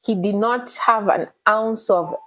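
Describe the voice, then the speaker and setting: A woman, telling her personal story in an emotional, animated way as an interview guest. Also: mid-range voice, a little slow, rough recording. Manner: earnest, animated retelling with code-switching.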